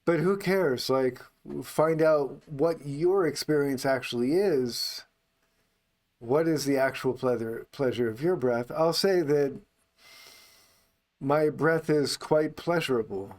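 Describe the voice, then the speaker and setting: Calm, unhurried male meditation teacher. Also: a little high. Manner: calm and unhurried, speaking only on the out-breath. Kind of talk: unscripted guided meditation talk.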